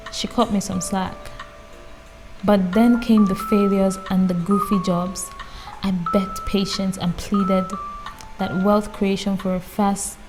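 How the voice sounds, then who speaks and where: A woman reading a book aloud in a calm, casual way, often stopping to add her own amused comments. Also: medium pitch, low-quality recording. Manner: reads calmly, breaks off for amused personal comments. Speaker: audiobook reader. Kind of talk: casual read-aloud with chatty asides.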